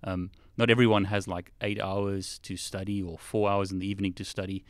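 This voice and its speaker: A man's voice: low voice, level tone, fairly quick, dry recording, studio quality. A man co-hosting a live stream, giving plain-spoken advice on study time. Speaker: co-host.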